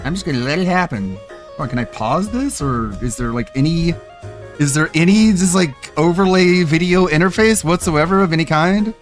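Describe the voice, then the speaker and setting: A man's voice: on the high side, lively intonation, normal speed, soft background music. A man streaming, reacting to clips with sarcastic, mocking commentary and frequent laughs.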